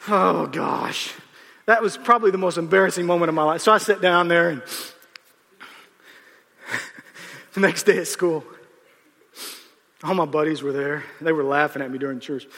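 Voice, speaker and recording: A man in his fifties, a pastor preaching a storytelling sermon in an animated way, often acting out the people he quotes. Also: fairly high pitch, a little slow, vocal fry, long pauses. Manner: animated, acts out quotes, restarts. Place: large church auditorium. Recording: reverberant hall.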